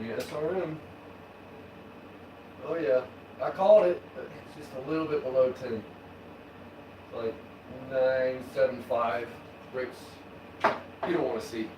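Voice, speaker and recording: A man's voice: mid-range voice, a little slow, long pauses, echoey room, noisy background. A man live-streaming his home beer brewing, chatting casually, rambling and swearing as he works in his kitchen. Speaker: homebrewing streamer.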